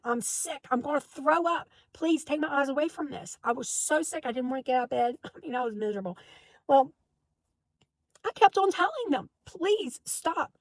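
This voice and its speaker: A woman telling a personal story to her viewers in an animated, emphatic way, with many restarts. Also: fairly high pitch, vocal fry, husky, no room sound. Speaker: spiritual vlogger. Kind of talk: casual storytelling to camera.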